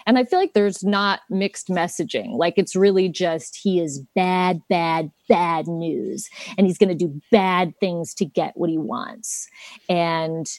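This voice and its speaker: A woman's voice: lowish voice, a little slow, a little mellow, no room sound. A woman actress chatting as an interview guest, playful and laughing often. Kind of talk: casual interview chat.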